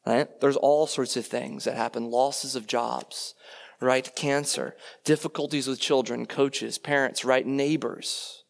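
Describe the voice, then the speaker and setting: A man delivering a sermon in a chatty, conversational manner. He keeps checking in with his listeners through rhetorical questions and quick tag questions. His voice sits at an ordinary middle pitch for a man. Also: steady tone, creaky. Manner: conversational, rhetorical questions, frequent "right?" tags. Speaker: preacher.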